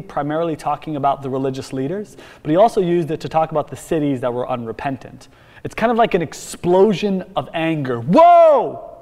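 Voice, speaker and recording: A male pastor preaching in a church sanctuary, his voice sitting a little higher than most men's. He delivers the sermon emphatically, dropping low and then rising to loud bursts, and a long reverb trails each phrase through the hall.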